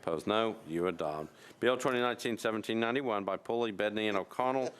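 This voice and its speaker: A man with a fairly low, clean and resonant voice chairs a council session. He reads ordinance titles and calls for ayes and nays in a brisk, practiced procedural rhythm, like routine business he has done many times. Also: a bit bright, clear, resonant tone. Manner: brisk, routine parliamentary cadence. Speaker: council president chairing meeting. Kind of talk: formal procedural reading of bills. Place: council chamber.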